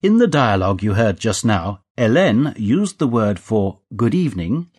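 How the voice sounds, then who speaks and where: A man presenting a scripted language course, giving clear instructions. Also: fairly low pitch, big pitch swings, normal speed, darkish tone. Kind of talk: scripted language-lesson narration.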